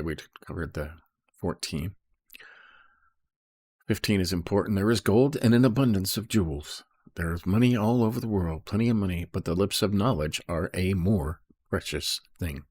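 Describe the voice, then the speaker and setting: A very low, husky male voice walks through scripture verse by verse, pausing after each point to ask "okay?" or "right?". The recording is dry and close, with almost no room sound. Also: darkish tone, dry recording. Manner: reads verses then explains, peppered with "okay?" and "right?". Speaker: Bible study teacher. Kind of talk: casual Bible commentary.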